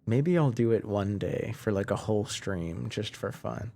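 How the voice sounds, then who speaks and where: Playful male streamer, low voice, chatting through a live playthrough. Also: slow, gravelly, warm tone, slight background noise. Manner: playful, narrates his own game actions. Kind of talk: live game playthrough chat.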